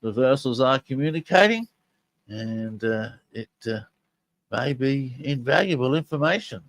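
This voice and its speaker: Older male podcast host, casual and eager, mid-pitched, dry close sound. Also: lively intonation, unhurried, creaky, no room sound. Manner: chatty and enthusiastic, talking straight to listeners. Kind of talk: casual podcast commentary on audio clips.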